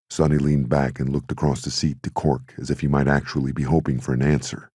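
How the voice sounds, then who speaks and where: A man narrating an audiobook in a steady, measured way. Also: extremely low pitch, husky, dry recording, studio quality. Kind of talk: scripted narration.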